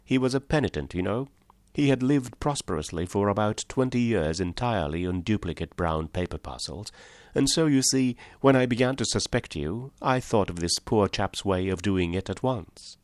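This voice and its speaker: A man's voice: on the low side, lively intonation, normal speed, no room sound, studio quality, close to an everyday voice. A man voicing a small, mild country priest in an audiobook, speaking simply and apologetically. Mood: apologetic.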